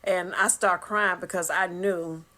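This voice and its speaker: A woman's voice: on the low side, steady tone, unhurried, bright, forceful tone. A woman telling a personal story casually and emotionally, with laughter.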